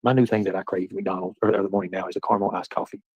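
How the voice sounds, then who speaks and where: A husky, slightly low-voiced man hosts a casual livestream and rambles through profane banter with his viewers. He talks loud and loose, with a dry, close sound. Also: steady tone, very fast, no room sound, highs cut off. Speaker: livestream host.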